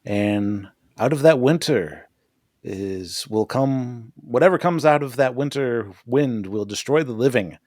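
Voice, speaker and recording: A man's voice: medium pitch, animated, measured pace, a little mellow, no echo, clean studio sound. A man co-hosting a podcast, recapping a TV episode in casual chat, swearing and laughing often. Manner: profane, jokey, laughs often. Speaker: podcast co-host.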